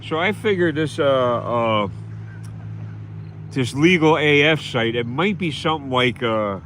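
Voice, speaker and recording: A man's voice: medium pitch, lively intonation, a little slow, fairly bright tone. This is a man ranting through a livestream monologue, bitter and full of scorn. He keeps repeating his points in a plain, mid-range voice. Faint street and vehicle noise hums behind him. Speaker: livestream host.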